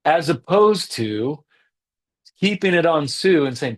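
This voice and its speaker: A man's voice: on the high side, animated, slow. A man giving an earnest teaching talk on leadership who stresses his key points by repeating them.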